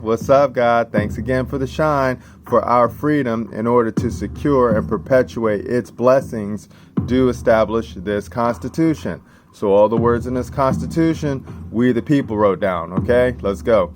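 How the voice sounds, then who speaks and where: A man's voice: medium pitch, normal speed. A man giving a casual, emphatic lesson, reading out constitution passages and checking in with "right?" after each point. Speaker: civics teacher. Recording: steady background noise.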